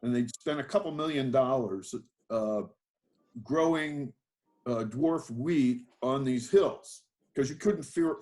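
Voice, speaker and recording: A man's voice: on the high side, a little mellow. An older man, a winemaker being interviewed, telling his life story in a rambling, self-deprecating way with many fillers and restarts. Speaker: guest, winemaker.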